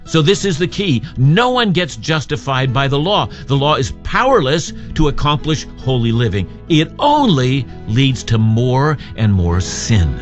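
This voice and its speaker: A man's voice: medium pitch, sing-song, unhurried, hardly any pauses, soft background music. A man preaching a radio sermon, earnest and emphatic, reading scripture and posing rhetorical questions. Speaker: radio Bible teacher.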